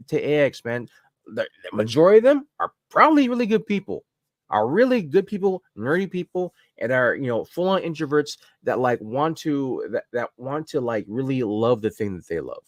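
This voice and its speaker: Profane, animated man ranting on a podcast. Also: on the high side, dry recording, studio quality. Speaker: podcast co-host. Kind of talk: casual ranting chat.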